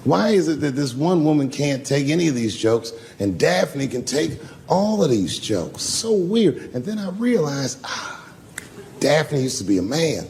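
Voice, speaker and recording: A man's voice: on the high side, sing-song, unhurried, noisy background. A man performing a stand-up comedy routine in a club, telling a profane story and acting out other people's voices, with the audience laughing. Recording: live club recording with long reverb.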